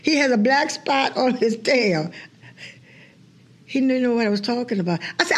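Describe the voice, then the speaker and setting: A New woman with a fairly high voice that swoops up and down as she talks. She tells animated stories and acts out what people said to her, laughing often between lines. Her comes through in a relaxed, chatty interview. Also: unhurried, long pauses. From New Orleans, USA. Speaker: guest historian. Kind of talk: casual interview chat.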